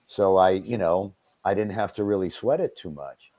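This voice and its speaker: A middle-aged man, a voice actor, talking as a guest on a radio show in a relaxed, self-deprecating way, with halting fillers. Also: sits low, no echo. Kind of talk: radio interview. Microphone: studio mic.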